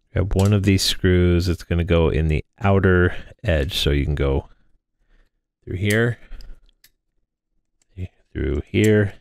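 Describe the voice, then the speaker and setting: A man's voice: deep voice, vocal fry, darkish tone, clear, resonant tone, no room sound. A man in his thirties talking casually through a drone frame build, rambling with plenty of fillers and restarts. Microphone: close microphone in front of him.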